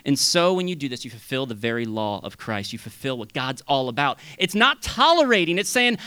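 Animated, bright-voiced male preacher. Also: medium pitch, a little fast, hardly any pauses, smooth, no room sound. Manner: animated, swings between loud bursts and hushed asides. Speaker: pastor. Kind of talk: sermon.

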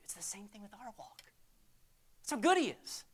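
A man's voice: medium pitch, wildly swooping pitch, brisk. A man preaching a sermon as a pastor, in a conversational, emphatic storytelling way.

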